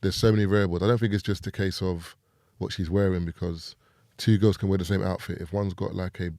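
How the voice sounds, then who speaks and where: A man's voice: low-pitched, fairly even intonation, fairly quick, dark tone, dry recording, studio quality. A British man in casual podcast chat, talking loosely with lots of fillers. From United Kingdom. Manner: loose, rambling, many fillers. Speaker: podcast guest.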